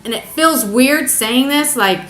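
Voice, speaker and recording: A young woman telling a personal story in a confessional vlog, halting and hesitant, emotional as she searches for words. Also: high-pitched. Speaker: vlogger. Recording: echoey room.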